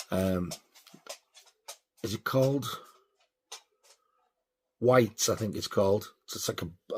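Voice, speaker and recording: A man telling a sweary, animated story in a casual vlog. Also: fairly low pitch, slightly rough. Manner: sweary, animated when riled. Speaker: vlogger.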